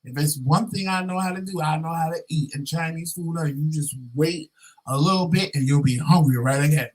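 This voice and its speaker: A man's voice: on the high side, fairly quick, low-quality recording. A man hosting a vlog, telling a rant story in a sassy, profane, dramatic way and acting out both sides of it. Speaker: vlog host.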